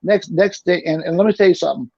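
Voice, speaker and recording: A man's voice: high-pitched, fast, vocal fry, dark tone, breathy edge, no room sound. A middle-aged man, a guest telling a long personal story in casual talk, rambling and restarting his sentences often. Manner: rambling, with frequent restarts and repeats. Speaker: interview guest. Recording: dull, lo-fi dry recording.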